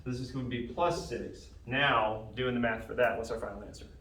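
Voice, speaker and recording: A man's voice: mid-range voice, fairly even intonation, fairly quick, fairly bright tone, recorded from a distance. A male math teacher leads a classroom lesson, patiently asking questions and checking that his students follow along. He is heard from across an echoey room. A faint hiss of room noise sits behind him.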